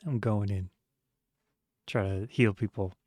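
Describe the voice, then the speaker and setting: Male player, low, dry voice, casual, thinks aloud. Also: steady tone, unhurried, a little mellow, no room sound. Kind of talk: casual tabletop play.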